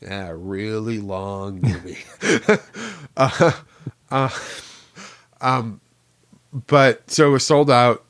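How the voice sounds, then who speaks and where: A man's voice: on the low side, fairly even intonation, drawn-out words, pauses often, a bit bright, dry recording, studio quality. Laughing, filler-heavy podcast co-host man. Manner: laughs often, lots of "like" fillers. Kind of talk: casual chat.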